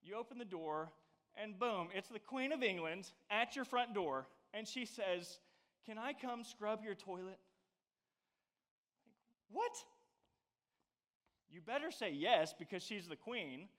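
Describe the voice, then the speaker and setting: A man giving a casual youth sermon, with animated, playful and exaggerated storytelling aimed at a young audience. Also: high voice, a little slow.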